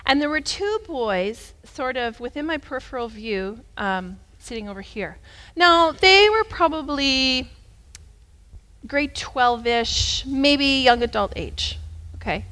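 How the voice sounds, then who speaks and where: Animated woman preacher telling a story. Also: high voice, slow. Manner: animated and conversational, with big swings between loud and hushed. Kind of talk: storytelling sermon.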